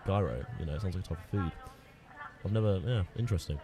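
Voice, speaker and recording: A man's voice: low-pitched, fast talker. A young man co-commentating at an outdoor rowing regatta, rambling with many fillers. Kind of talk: casual live commentary. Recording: outdoor mic with clear crowd noise.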